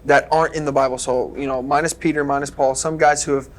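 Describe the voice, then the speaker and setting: A man's voice: medium pitch, level tone, fast. A man hosting a faith podcast, introducing a topic in loose, hesitant phrasing. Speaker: podcast host. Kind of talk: casual podcast talk.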